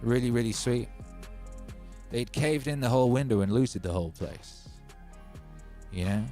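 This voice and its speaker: A man's voice: medium pitch, normal speed, pauses often, dark tone, faint music behind. A man hosting a livestream from his home studio, chatting casually and telling rambling stories with a sardonic edge. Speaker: livestream host.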